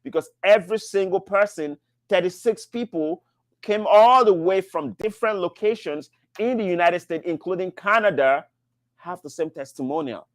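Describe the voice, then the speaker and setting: High-voiced man giving a pushy pitch. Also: moderate pace, dry recording, studio quality. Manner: emphatic, repetitive, pushy motivational selling. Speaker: business mentor hosting a live show. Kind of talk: live-stream Q&A sales pitch.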